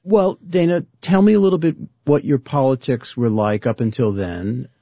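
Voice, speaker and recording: A man's voice: mid-range voice, moderate pace, dark tone, no room sound, highs cut off. A man hosting a long-form interview, pressing his guest with probing follow-up questions.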